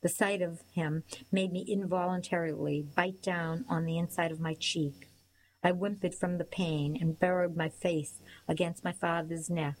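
A woman narrating a storybook in the first person with a steady, measured reading. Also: on the low side, low-quality recording. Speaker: audiobook reader.

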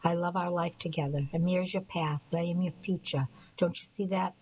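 A woman's voice: lowish voice, fairly even intonation, moderate pace, darkish tone, husky, rough recording. A woman voicing a hurt, pleading young man in an audiobook, speaking earnestly to his fiancée.

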